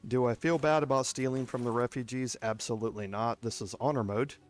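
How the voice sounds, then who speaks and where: A man's voice: medium pitch, fairly even intonation, a little fast. A man with a Texas accent giving casual, step-by-step commentary while playing a video game. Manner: chatty, explains step by step. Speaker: gameplay streamer.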